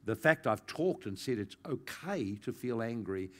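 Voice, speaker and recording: A man preaching a pastoral sermon with an earnest, caring delivery. His voice sits in an ordinary middle register for a man. He swells with emphasis and then eases back to a hushed, gentle tone. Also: medium pitch, expressive, unhurried. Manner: earnest and pastoral, rising to intensity then softening. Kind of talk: sermon teaching.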